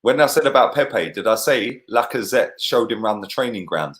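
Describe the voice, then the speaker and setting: A man's voice: fairly low pitch, expressive, moderate pace, fairly bright tone. A young man, chatting animatedly about football with lots of slang and swearing. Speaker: football podcast co-host. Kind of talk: casual football chat.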